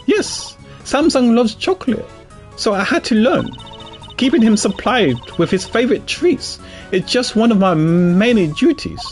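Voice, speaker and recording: A man voicing a sweet, polite young female confectioner in a game, using a soft falsetto while reading the dialogue aloud. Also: lively intonation, a little slow, soft background music.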